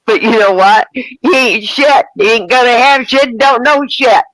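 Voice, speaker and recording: A woman's voice: a little high, normal speed, a bit bright, no room sound, rough recording. A woman with a Southern US accent hosting a casual livestream panel, joking and laughing often in a playful drawl. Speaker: panel host.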